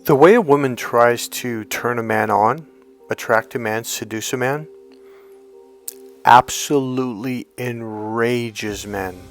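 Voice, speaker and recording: A man coaching on dating in a blunt, profane monologue, telling animated stories. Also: mid-range voice, takes it slowly, soft background music. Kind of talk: monologue to camera.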